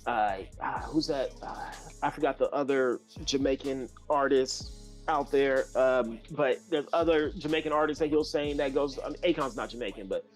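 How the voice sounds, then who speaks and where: A man from California, a guest musician, telling a long story in a loose, animated way with many fillers and restarts. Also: medium pitch, normal speed, faint music behind. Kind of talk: casual storytelling.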